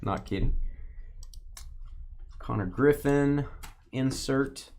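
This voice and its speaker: His voice sits at a medium pitch, moves extremely slowly, and carries a slight hiss or hum. He hosts a live card-opening stream, bantering and joking casually with the room and the chat in a playful way with lively swings.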